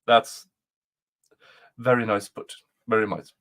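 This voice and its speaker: A man's voice: lowish voice, steady tone, takes it slowly, fairly bright tone. A man hosting a casual livestream, reading aloud and chuckling often at his own jokes. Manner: chuckles often, jokey asides. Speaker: livestream host commenting on a trial. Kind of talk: casual live commentary.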